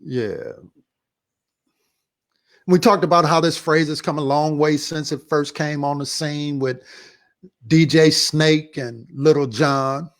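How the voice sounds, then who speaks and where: A man hosting a church talk show, casually recapping a sermon in a relaxed, repetitive, slangy way. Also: a little high, slow pace, pauses often. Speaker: pastor and show host.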